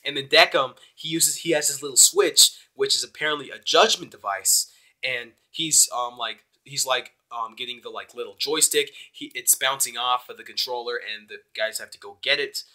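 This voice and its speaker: A young man giving a casual, rambling, excitable spoken review of an anime episode. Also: medium pitch, normal speed. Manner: excitable, rambling, with many fillers.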